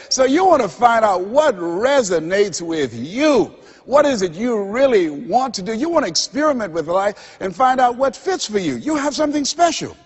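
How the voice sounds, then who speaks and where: Raspy motivational speaker in a reverberant hall. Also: male voice, sits high. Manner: preacher-like, dramatic pauses, repeats phrases. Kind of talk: motivational seminar speech. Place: seminar hall before a live audience. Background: audience laughter.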